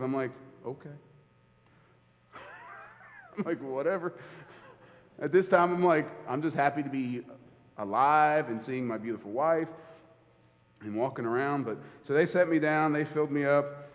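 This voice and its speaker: Animated man preaching in a reverberant hall. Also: on the high side, a little slow, pauses often, dull audio. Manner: storytelling, animated, acts out quoted dialogue. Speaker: church elder preaching. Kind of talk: sermon with personal story.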